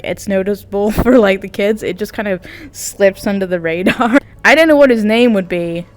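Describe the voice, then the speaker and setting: A woman's voice: mid-range voice, clean tone. A woman from England, talking in a giggly, rambling casual vlog and going off on tangents. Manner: giggly, tangent-prone, lots of fillers. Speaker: VTuber vlogger.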